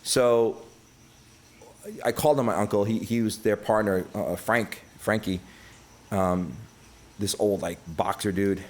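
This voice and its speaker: A man's voice: on the low side, unhurried, pauses often. A middle-aged man from Brooklyn, telling stories as a podcast guest, full of swearing and acted-out quotes. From Brooklyn, New York. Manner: profane, animated storyteller acting out quotes. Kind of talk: casual storytelling.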